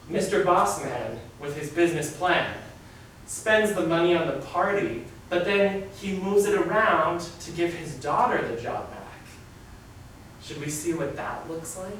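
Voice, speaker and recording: Upbeat male improviser, bright tone, distant mic in a roomy theater with faint noise. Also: high-pitched. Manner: playful, chatty, laughing. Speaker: improv performer. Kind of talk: live solo improv, talking to audience. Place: live theater stage. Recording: echoey stage from far off.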